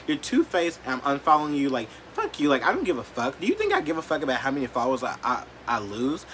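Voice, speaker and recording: A man vlogging an emotional rant to camera, blunt and profane, leaning on "like" and swinging between quiet, hurt lows and loud, defiant outbursts. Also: huge pitch swings, fast talker, a little hiss or hum. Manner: blunt, profane and heated, heavy use of "like".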